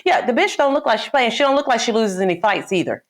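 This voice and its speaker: A woman's voice: fairly high pitch, animated, quick pace. A woman guest in a casual chat, blunt and salty, often laughing. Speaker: guest co-host.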